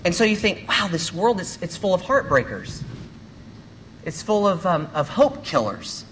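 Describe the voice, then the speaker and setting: A man delivers a sermon to a church congregation, earnest and measured, asking rhetorical questions as he goes. His voice sits a little higher than most men's. A faint hiss lies under the recording. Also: big pitch swings, fairly bright tone. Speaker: pastor.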